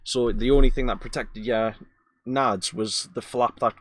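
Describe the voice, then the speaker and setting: Geordie guy hosting a podcast, dry jokes, chuckles, mid pitch voice. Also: steady tone, normal speed, a little hiss or hum. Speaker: podcast host. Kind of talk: casual chat.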